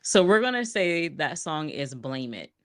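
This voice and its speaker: A woman's voice: low-pitched, big pitch swings, a little slow, fairly bright tone, dry recording, clean studio sound. A woman in her thirties co-hosting a podcast, casually running a trivia game with a playful, teasing manner. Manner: playful, teasing, laughs often. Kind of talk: casual chat. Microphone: studio podcast mic.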